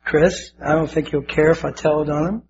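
A man's voice: on the high side, fairly even intonation, a little fast, darkish tone. An older man preaching a sermon as pastor, fervent and emotional, repeating his words. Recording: dull lo-fi with faint hiss.

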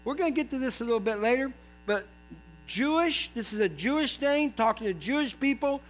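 A man's voice: very high-pitched, expressive, a little fast, fairly bright tone, poor audio. A man preaching a sermon as pastor, telling stories with folksy asides to the congregation.

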